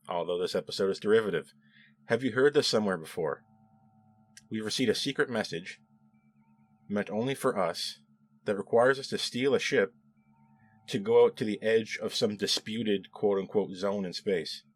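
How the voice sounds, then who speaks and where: A man with a fairly low voice talks through a TV episode review in a loose, chatty way. He is sarcastic and drops into mocking voices when quoting lines. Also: moderate pace. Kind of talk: casual solo review commentary.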